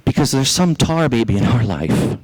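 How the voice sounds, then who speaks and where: A male pastor with a Southern US accent preaching a sermon, telling a story in an animated way and speaking directly to the congregation. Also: mid-range voice, moderate pace, low-quality recording.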